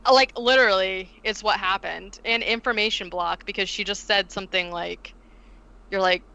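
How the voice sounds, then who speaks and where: A woman on a podcast retells a movie in a lively, chatty way, peppering every sentence with "like" and slipping into the characters' lines. Her voice is bright and crisp. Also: medium pitch, normal speed, rough recording. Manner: animated, heavy use of "like", acts out quotes. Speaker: podcast co-host recapping a film. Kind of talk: casual chat.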